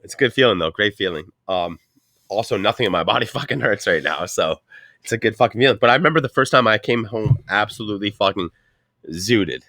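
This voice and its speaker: A stoned man from Canada in his twenties, rambling through a story with lots of swearing and loud put-on voices for the people he quotes. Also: on the low side, brisk, dry recording, studio quality. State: high on weed. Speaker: podcast co-host. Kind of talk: casual chat.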